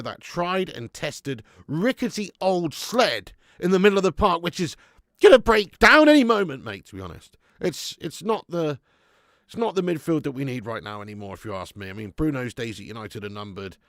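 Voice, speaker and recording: A man hosting a live football watch-along, bantering loudly, swearing and reading out chat messages on a close mic. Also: medium pitch, expressive, brisk, dry recording. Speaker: fan channel host.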